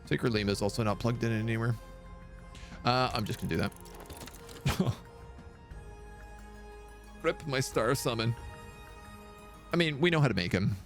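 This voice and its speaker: Gravelly man streaming, thinking aloud. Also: medium pitch, a little slow, pauses often, faint music behind. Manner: thinking aloud, muttering over choices. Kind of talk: live gameplay commentary.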